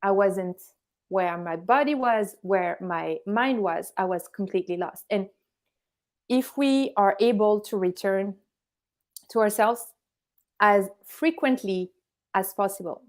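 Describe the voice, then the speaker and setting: Young woman, calm teacher voice, interview guest, mid pitch. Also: slow. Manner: calm, instructive, gives everyday examples. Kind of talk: explanatory conversation.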